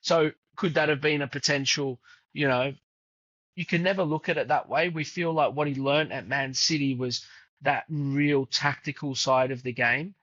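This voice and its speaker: Brief: man in his 50s, podcast guest, rambling anecdotal delivery, mid pitch, dull lo-fi mic, dry. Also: steady tone, moderate pace, fairly bright tone, no echo. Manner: chatty, many fillers, acts out quoted dialogue. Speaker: podcast guest, footballer's father. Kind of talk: casual conversational storytelling.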